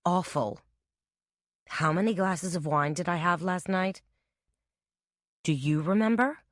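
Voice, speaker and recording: A brash New Orleans woman with a lazy drawl and a low, dry voice, as a woman reads her in a mystery audiobook. Her accent is New Orleans, her talk unhurried and bold. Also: no echo, close to an everyday voice. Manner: quiet drawl. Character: sleepy, brash Southern woman, shop owner.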